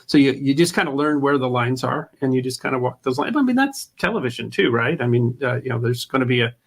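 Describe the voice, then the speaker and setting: A man's voice: mid-range voice, lively intonation, quick pace, slightly rough. A man talking as a guest in an interview about running a history channel, rambling and restarting his phrases, often laughing. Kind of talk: casual interview talk.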